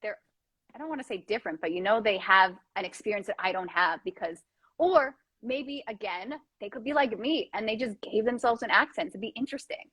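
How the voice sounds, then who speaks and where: A young woman hosting a casual chat, animated and jokey, often laughing. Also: medium pitch, brisk, slightly rough, no room sound, low-quality recording. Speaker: host.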